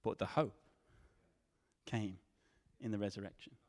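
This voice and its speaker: A man preaching a sermon, swinging from loud questions to hushed tones. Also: fairly low pitch, measured pace. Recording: long hall reverb.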